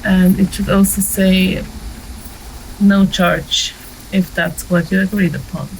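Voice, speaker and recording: A woman's voice: medium pitch, fairly even intonation, slow pace, slight background noise, poor audio. Woman giving practical filmmaking advice. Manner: practical and conversational, with light laughs and filler ums. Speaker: filmmaking instructor. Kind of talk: casual instructional talk to camera.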